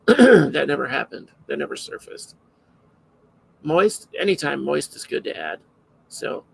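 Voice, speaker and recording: A man's voice: fairly high pitch, gravelly, pushed and bright, a little hiss or hum, poor audio. A man hosting a live podcast alone, chatting casually in a rambling, self-interrupting way. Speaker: podcast host.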